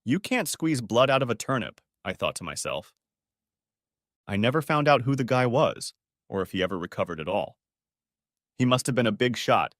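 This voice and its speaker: A man's voice: medium pitch, fairly bright tone, dry recording, studio quality. Man narrating a story audiobook. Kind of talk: first-person audiobook narration.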